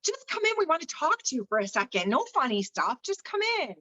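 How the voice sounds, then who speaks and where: A woman's voice: sits high, sing-song, fairly quick, bright, forceful tone, pitched above the performer's own voice, full character voice. A woman voicing her pushy young female friend, coaxing and insistent, in a slightly dull recording.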